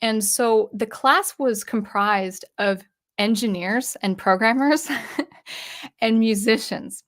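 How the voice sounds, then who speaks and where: A woman's voice: fairly high pitch, takes it slowly. A woman hosting her channel, casually recounting a personal story with frequent restarts, asides and acted-out dialogue. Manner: acts out remembered dialogue with shifts in tone. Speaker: electronic music composer and channel host.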